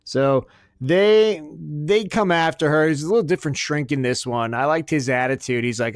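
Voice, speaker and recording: A foul-mouthed man riffs sarcastically through a comedic rant. His voice is smooth and sits a bit high. The recording is dry and close, with no room sound. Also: normal speed, no room sound. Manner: crude, sarcastic, swears constantly. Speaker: podcast host.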